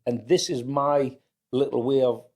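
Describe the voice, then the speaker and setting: Telling anecdotes about his family, this County Durham man in his fifties, a family business owner appearing as a podcast guest, speaks with a North East English accent. His mid-range voice is darkish and a little slow, with fairly even intonation. He keeps restarting and repeating words and mimics others in quoted lines.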